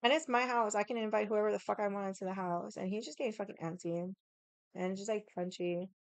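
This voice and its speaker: A woman's voice: mid-range voice, steady tone, fast, creaky, no room sound. Swearing young woman telling a story. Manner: swears freely, drifts into tangents; drinking while chatting. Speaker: vlogger. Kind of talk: casual storytelling. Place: at home.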